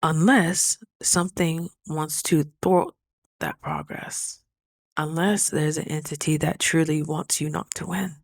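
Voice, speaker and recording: A woman's voice: low-pitched, steady tone, a little slow, vocal fry, few pauses, no room sound. Earnest woman rambling in her vlog, kinda emotional, dry no-room sound. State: close to tears. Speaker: vlogger. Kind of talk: casual diary vlog.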